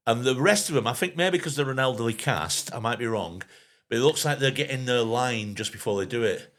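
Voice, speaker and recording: A man hosting a casual podcast, chatting through his opinions in a lively, laughing way. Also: mid-range voice, fairly quick. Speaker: podcast host.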